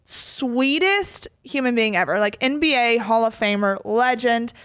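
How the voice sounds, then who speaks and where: A woman's voice: a little high, expressive, measured pace, fairly bright tone, clear, resonant tone. A woman hosting a podcast, chatting casually and telling stories dramatically with quoted asides. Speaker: podcast host. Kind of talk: casual chat.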